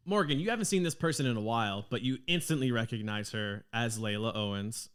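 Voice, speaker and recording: A man's voice: medium pitch, brisk, clear, resonant tone. A man running a tabletop game as game master, narrating the scenes in a rambling way with lots of ums.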